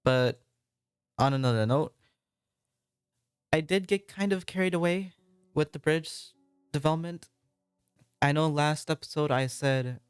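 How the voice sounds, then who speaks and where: A man's voice: medium pitch, smooth, dry recording. A man with an American accent, casually narrating his own gameplay with a rambling, apologetic, self-deprecating manner. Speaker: Minecraft building let's-play creator.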